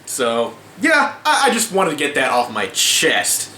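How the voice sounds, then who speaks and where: A man's voice: medium pitch, huge pitch swings, unhurried, bright, forceful tone. A man ranting casually to camera as a vlogger, exasperated and swearing, with many restarts and fillers. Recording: echoey room with faint ambient noise.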